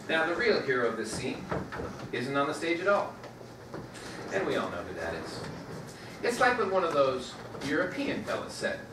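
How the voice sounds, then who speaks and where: A man playing a plainspoken small-town stage manager who talks straight to the audience in a live stage play. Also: a little high. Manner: plainspoken, folksy, chatty asides to the audience. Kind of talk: live community stage acting. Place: theater stage. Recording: echoey theater from far off, noisy.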